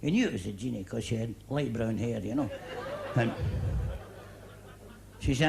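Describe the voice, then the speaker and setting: A Scottish comedian performing live stand-up, talking to the crowd in a chatty joke-telling patter full of "you know" and "eh?". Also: male voice, medium pitch, moderate pace, gravelly, pauses often. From Scotland. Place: comedy club stage before a live audience. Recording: noisy live club recording with audience laughter.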